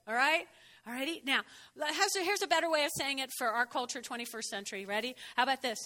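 A woman preaching a sermon in a high voice, talking with her congregation and having them repeat lines after her. Her tone is bright, and she leaps up in pitch to stress a point. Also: fast. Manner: conversational, prompts the congregation to repeat phrases; expressive, jumps in pitch for emphasis.

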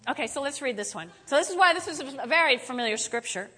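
A middle-aged woman pastor giving a chatty, animated sermon that swings up to loud exclamations. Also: sits high, fast, in a large hall.

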